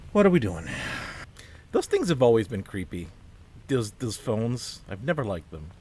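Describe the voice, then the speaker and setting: A man with a slightly low voice talks through a film in casual reaction commentary. He comes across as baffled and increasingly fed up. He keeps asking what he is looking at and often breaks off mid-sentence to start again. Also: darkish tone, a little hiss or hum. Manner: puzzled, exasperated, asks many questions; trails off and restarts mid-sentence.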